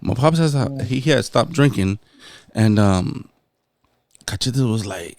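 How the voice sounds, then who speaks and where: A man's voice: medium pitch, a little slow, long pauses, no echo. A man hosting a podcast, telling a rowdy story with lots of swearing and Spanish slang. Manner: profane, animated storyteller, switching between English and Spanish. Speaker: podcast host. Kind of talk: casual chat, telling a drunk story.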